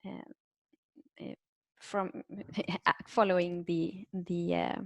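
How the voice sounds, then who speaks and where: A woman's voice: lowish voice, flat delivery, drawn-out words, creaky, no echo. A woman giving an academic talk over a video call, hesitant, with many fillers and restarts. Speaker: invited linguistics speaker. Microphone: computer microphone on a video call.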